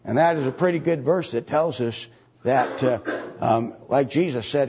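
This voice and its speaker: A man's voice: mid-range voice, moderate pace, darkish tone, husky. A man preaching a sermon, reading scripture aloud and pressing the congregation with emphatic repeated questions. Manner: reads archaic scripture aloud. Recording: dull lo-fi recording.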